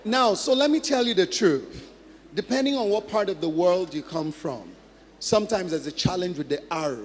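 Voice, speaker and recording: High-voiced male pastor in an echoing hall. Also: lively intonation, moderate pace. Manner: conversational, laughs often, repeats for emphasis. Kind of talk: teaching sermon. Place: church hall. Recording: long church reverb, faint music.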